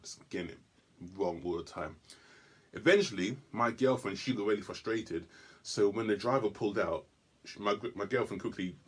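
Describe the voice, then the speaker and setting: A man telling a stand-up story in a comedy club, animated and given to sudden loud bursts and stammered restarts. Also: on the low side, slightly rough.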